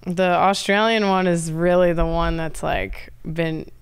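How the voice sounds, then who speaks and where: A woman's voice: on the low side, steady tone, a little slow, smooth. A woman guest on a podcast in loose, casual chat, swearing freely and saying "like" often.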